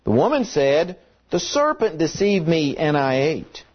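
A man's voice: on the high side, sing-song, unhurried, husky, muffled recording. A man preaching a sermon in an emphatic way, reading scripture and repeating key words for stress. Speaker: pastor.

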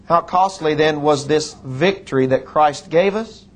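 A middle-aged man, preaching a sermon and telling a personal story in an earnest manner, slowing and dropping low on solemn lines. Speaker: pastor.

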